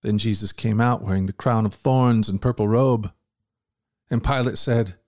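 Male podcast host reading scripture; earnest, even, dry studio voice. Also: lowish voice, moderate pace, dry recording. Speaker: host and Bible reader.

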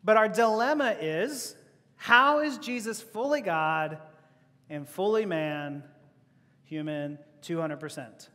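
A man's voice: high-pitched, takes it slowly, sharp tone. A man preaching a sermon as pastor, conversational, with rhetorical questions and laughing asides. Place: church hall. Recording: long hall reverb.

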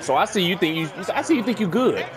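A man's voice: high-pitched, lively intonation, fast, a crowd in the background. A young man commentating his own football video game match live, hyped and trash-talking. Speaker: gaming YouTuber.

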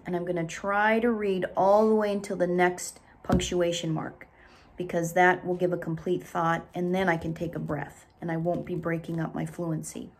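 A woman teacher recording a reading lesson, explaining things deliberately and reading a story aloud. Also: fairly low pitch. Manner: slow, deliberate, instructive.

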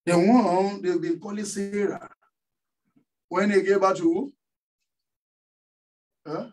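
A man's voice: sits high, unhurried, long pauses, a little mellow. A middle-aged man from Nigeria with a Nigerian accent, preaching a sermon as pastor in a church and asking the congregation to finish his sentences. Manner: call-and-response questions to the congregation. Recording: voice somewhat distant from the mic.

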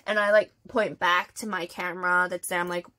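A young woman vlogging, retelling a story in a chatty, animated way with lots of fillers. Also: on the low side, a little fast. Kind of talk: casual storytime vlog.

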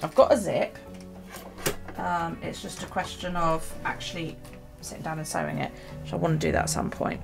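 A chatty woman vlogging about her journal, her voice low-pitched and heavily gravelly. She rambles on in a relaxed way, full of ums and small asides, with soft guitar music playing faintly behind her. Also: moderate pace. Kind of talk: casual chat.

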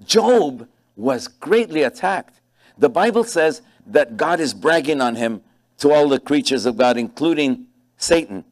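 A man with a fairly high voice preaches a sermon as a pastor at a measured pace. He tells stories with animation, stresses key phrases, and acts out dialogue in different voices.

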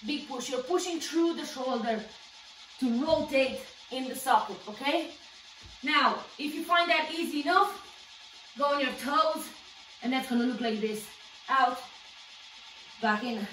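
A woman's voice: high voice, a bit bright, reverberant, distant mic, rough recording. A woman fitness instructor coaching a home workout, encouraging and counting down while exercising along, a little out of breath.

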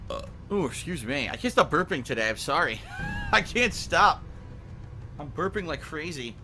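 A man's voice: a little high, very animated, moderate pace. A man giving casual gameplay commentary, muttering to himself and breaking into frustrated outbursts with frequent swearing. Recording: game music playing behind the voice.

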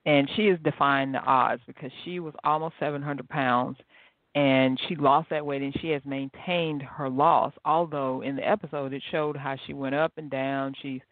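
A woman's voice: low voice, no room sound. Chatty woman host over a tinny line. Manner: chatty, storytelling, animated. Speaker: podcast host. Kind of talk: motivational solo talk. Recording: tinny phone-like line, dry.

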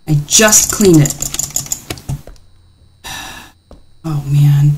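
Woman streamer playing a scary game, slightly low voice, jumpy and joking around. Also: very slow, pauses often, mellow, slight background noise. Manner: playful, jittery reactions. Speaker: gaming channel host. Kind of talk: let's play commentary.

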